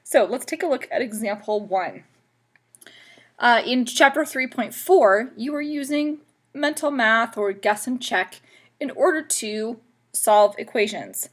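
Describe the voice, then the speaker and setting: A woman math teacher explaining equations step by step in a patient, instructive way. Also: a little high. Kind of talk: classroom math lesson video.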